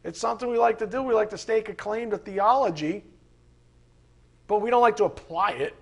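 A man preaching a sermon, emphatic and animated, with mocking asides. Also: sits high, a little fast.

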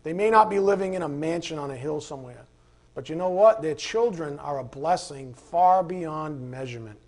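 A man's voice: on the high side, normal speed. Man preaching a rambling, informal sermon. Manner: rambling, informal, flares into animated rants. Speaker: pastor. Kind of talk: conversational sermon.

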